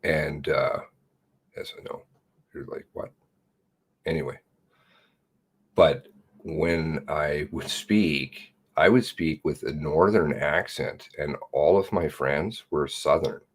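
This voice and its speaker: A man's voice: rumbling low, slow pace, long pauses, breathy edge. A man live streaming, chatting casually and reading viewer comments aloud in a rambling, self-mocking way. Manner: rambling and self-mocking, jumping between laughs and mutters.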